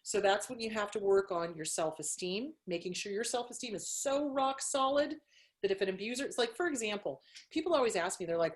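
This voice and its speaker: A middle-aged woman therapist speaks candidly as a podcast guest, in a mid-range voice. She is blunt and animated, drops swear words freely and laughs easily as she talks. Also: mid-range voice, a little fast. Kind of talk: candid interview chat.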